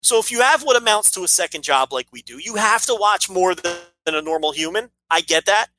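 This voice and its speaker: A man's voice: high voice, animated, brisk, pushed and bright, a little hiss or hum, rough recording. A man co-hosting a casual wrestling podcast, rambling and blunt, swearing freely. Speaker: podcast co-host.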